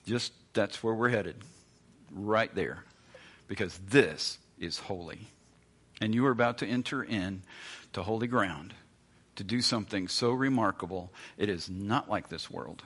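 A man's voice: on the low side, normal speed, fairly bright tone. A man preaching a sermon as pastor, in a conversational, emphatic way full of rhetorical questions.

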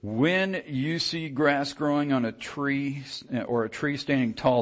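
A man preaching a sermon in a conversational, animated way, often restarting his sentences. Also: mid-range voice, takes it slowly.

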